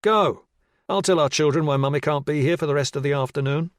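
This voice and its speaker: A male audiobook narrator voicing an exasperated husband, loud and sarcastic. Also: on the high side, fairly quick, dry recording, studio quality, pitched above the performer's own voice, close to an everyday voice. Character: exasperated husband calling out across a rink.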